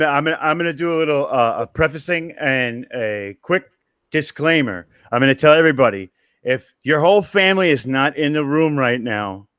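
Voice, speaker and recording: A man's voice: on the high side, fairly bright tone, clean tone, dry recording. A man hosting a podcast over a video call, building up a news item with dramatic, theatrical announcements. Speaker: podcast host. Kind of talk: casual chat, hyping news.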